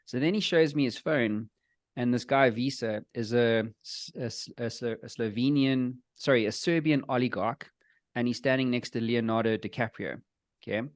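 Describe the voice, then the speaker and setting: A man's voice: mid-range voice, moderate pace, no echo, studio quality. A man hosting a casual podcast, asking questions and telling loose, profane stories. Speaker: podcast host.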